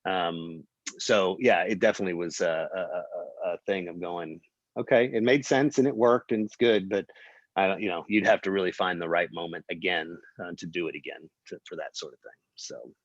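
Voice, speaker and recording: Low-voiced man telling a story. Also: normal speed, no room sound, lo-fi sound. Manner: animated storyteller, acts out quotes, many fillers and restarts. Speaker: film producer, guest. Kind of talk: casual interview storytelling.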